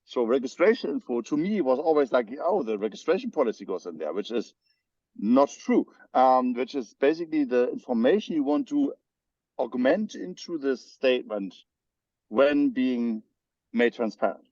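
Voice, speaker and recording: A man with a German accent talks through technical points in an editors' meeting, pausing often with fillers and restarts. His voice comes over a muffled, lo-fi video call. The sound is dry, with no room echo. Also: mid-range voice, animated, a little mellow. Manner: hesitant, many fillers and restarts. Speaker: spec editor. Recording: dull lo-fi video call audio.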